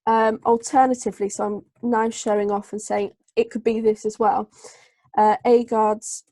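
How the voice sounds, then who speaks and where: A woman tutor, running a live online group lesson and dictating analysis slowly with many fillers. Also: a little high, flat delivery, dark tone, no echo. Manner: slow, hesitant dictation with many fillers while writing. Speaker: English tutor.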